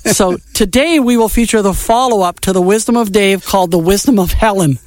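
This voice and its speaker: High-voiced, enthusiastic male host. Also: brisk, a little mellow, dry recording. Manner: enthusiastic, wry and joking. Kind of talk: casual podcast chat.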